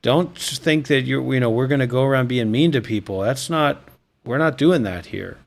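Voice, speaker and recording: A man's voice: medium pitch, normal speed, creaky. A man streaming a reaction video, ranting and hurling profane insults in a mocking tone.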